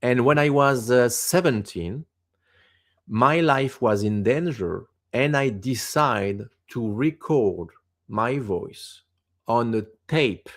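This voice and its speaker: A man in his fifties with a Quebec French accent speaks slowly, picking his English words one at a time. He is a native French speaker, talking casually as a guest in an interview. His voice sits at an ordinary middle pitch. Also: animated. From France. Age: 50s. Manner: halting, searching for English words.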